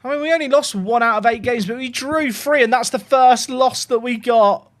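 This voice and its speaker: A male streamer with an extremely high-pitched voice livestreams a football management game at a moderate pace. He talks to his chat casually but in a despairing, dramatic way, swearing as he goes.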